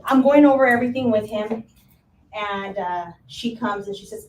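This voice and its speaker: Animated woman telling a story in an echoey room. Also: on the high side, normal speed. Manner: lively storyteller who acts out quotes and laughs easily. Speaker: real estate agent. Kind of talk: panel talk, telling a story. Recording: roomy, from far off, faint room noise.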